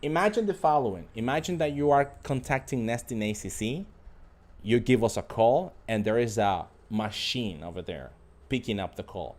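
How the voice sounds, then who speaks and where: Man, mid-pitched, live online English teacher, drills phrases over and over. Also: animated, moderate pace, a little mellow. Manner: drills phrases by repeating them; addresses viewers directly as a group.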